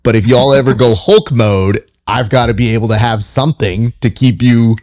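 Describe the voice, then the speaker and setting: A man's voice: medium pitch, steady tone, a little mellow. A man hosting a podcast, chatting casually and telling stories with a joking, self-mocking manner. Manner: joking, fast-talking storyteller. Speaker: podcast host. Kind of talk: casual chat.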